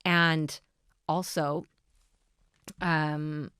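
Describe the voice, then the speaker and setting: A woman's voice: deep voice, level tone, extremely slow, a bit bright, clear, resonant tone, no echo, clean studio sound. A woman in her thirties hosting a podcast, giving earnest coaching to listeners and prompting them with repeated questions. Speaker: podcast host.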